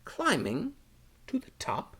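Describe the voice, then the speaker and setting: A man reading a picture book aloud to children at storytime, animated and stopping to ask them questions. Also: high voice, slow pace, husky. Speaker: storytime reader.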